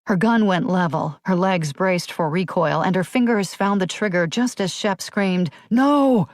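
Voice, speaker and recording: Low-voiced woman narrating a thriller. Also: normal speed, no echo, studio quality. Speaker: audiobook narrator.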